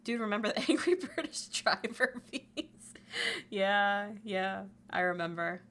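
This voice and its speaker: A woman's voice: a little slow, fairly bright tone, a little hiss or hum. A woman livestreamer in casual chat, talkative, laughing often and swearing freely. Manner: chatty, swears, laughs often, quotes memes in a squeaky voice.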